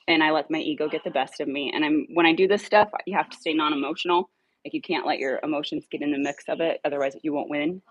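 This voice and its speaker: A woman casually telling a dog rescue story, animated, swearing now and then and acting out her own lines. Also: no echo, dull audio. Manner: animated, acts out her own dialogue in a higher voice; swears casually when irritated.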